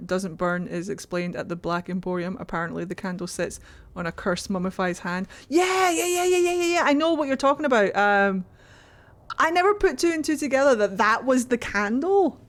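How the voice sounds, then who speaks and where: A woman streaming a video game, chatting casually and getting easily distracted. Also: fairly low pitch. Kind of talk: casual chat while gaming.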